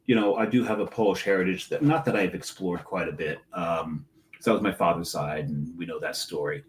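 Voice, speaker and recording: A man's voice: low-pitched, a little fast. A middle-aged man co-hosting a casual podcast, telling a story with frequent laughs. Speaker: co-host.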